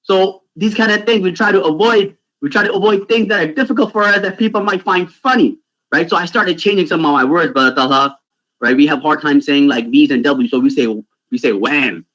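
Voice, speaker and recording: A lively man talks to children on a video call, pitched a little higher than most men. He tells stories animatedly and keeps checking in with "right?". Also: a little fast, poor audio. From Pakistan. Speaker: youth speaker. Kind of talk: storytelling talk for children.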